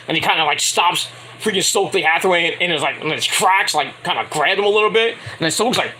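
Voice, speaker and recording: Speaking fast in a high register, a man rambles through a profane, casual recap of a wrestling show, animatedly acting out the wrestlers' lines in mock voices. There's a faint hiss or hum.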